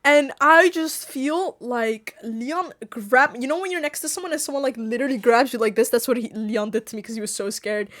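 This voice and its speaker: A woman streamer telling a story to her viewers in a casual chat, animated, laughing often and swearing freely. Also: on the high side, brisk, few pauses. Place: home streaming setup.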